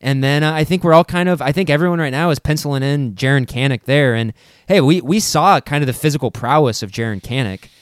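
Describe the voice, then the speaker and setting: A man co-hosting a casual sports podcast, earnest and full of halting restarts. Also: on the high side, no room sound, clean studio sound. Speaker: podcast co-host.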